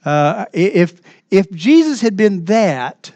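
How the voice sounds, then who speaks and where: A man preaching a sermon as pastor in a church, earnest and emphatic, moving between raised passages and hushed asides. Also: high voice, very animated, slow, dry recording.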